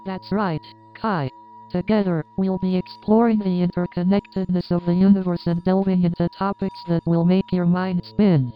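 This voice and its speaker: A synthetic woman's voice co-hosting a podcast, giving an even, scripted reading of the intro. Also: on the low side, normal speed. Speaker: podcast co-host. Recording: dull lo-fi sound, faint music.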